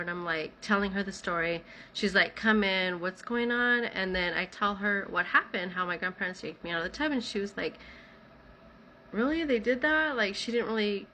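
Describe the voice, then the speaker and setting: Bright-voiced woman telling a personal story. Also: medium pitch, a little hiss or hum. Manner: conversational, many "like" fillers. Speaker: vlogger telling her own story. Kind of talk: casual first-person storytelling.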